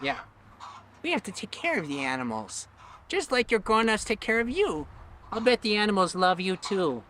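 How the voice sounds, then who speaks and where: A woman's voice: medium pitch, big pitch swings, normal speed, fairly bright tone, slight background noise. A woman voicing a cheerful, curious puppet friend on a children's show, eager and full of wonder. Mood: sweet. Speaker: show regular.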